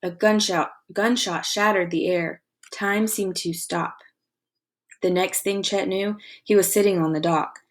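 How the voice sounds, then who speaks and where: A woman teacher reads a chapter book aloud to her class, her delivery expressive and full of suspense. She stops now and then to ask the children questions about the story. Her voice sits at an ordinary pitch for a woman. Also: unhurried. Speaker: elementary school teacher. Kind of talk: reading a novel aloud to a class.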